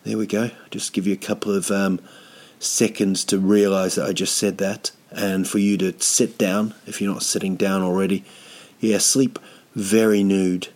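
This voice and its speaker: Sitting indoors at home, a touring comedian rambles casually in a low, slightly mellow voice with little pitch movement and a normal pace. He hesitates with lots of ums and leans on dry, self-mocking humour.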